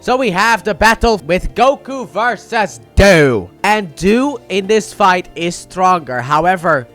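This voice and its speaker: High-voiced chatty man recapping an episode. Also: animated, takes it slowly, a bit bright, soft background music. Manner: chatty, rambling, acts out quotes in playful voices. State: a little sick. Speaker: anime reviewer.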